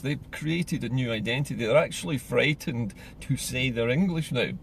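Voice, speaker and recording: A man from Scotland giving an earnest, measured solo monologue as a political commentator. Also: mid-range voice, creaky, slight background noise.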